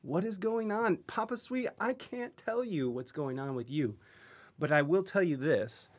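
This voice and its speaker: A man's voice: sits high, measured pace. A man hosting a casual podcast, joking and rambling with lots of laughter. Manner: goofy, rambling, jokey with frequent laughs. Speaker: podcast host.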